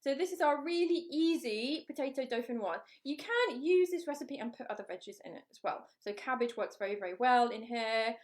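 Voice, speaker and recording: Casting: a woman, fairly high voice, hosting a live cook-along, chatty and upbeat. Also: lively intonation, fairly quick, hardly any pauses. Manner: chatty, upbeat, reads out viewer comments. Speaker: cooking show host.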